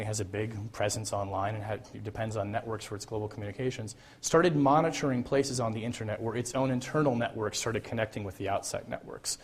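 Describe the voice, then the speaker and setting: A man giving a public lecture, telling a story in a conversational way with frequent fillers and restarts. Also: medium pitch.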